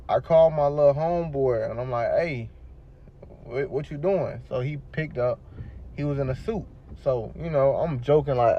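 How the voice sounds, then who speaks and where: Man telling a rough story, muffled sound. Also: medium pitch, slight background noise. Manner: street slang, rambling with many fillers. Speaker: interviewee telling his story. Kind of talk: casual storytelling.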